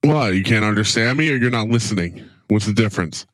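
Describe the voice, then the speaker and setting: A man rants and grumbles crudely on a sports podcast, wheezing a little between lines. His voice has a glitchy, low robotic distortion from his computer. It comes through a headset mic on an online call, sounding dry and close. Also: expressive, quick pace, fairly bright tone, no echo. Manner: crude, grumbling, ranting, profane. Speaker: podcast co-host. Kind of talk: casual sports chat.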